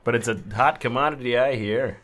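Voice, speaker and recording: Guy at the game table, dry deadpan jokes, plain mid voice. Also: medium pitch, a little fast. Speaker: player. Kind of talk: casual tabletop play.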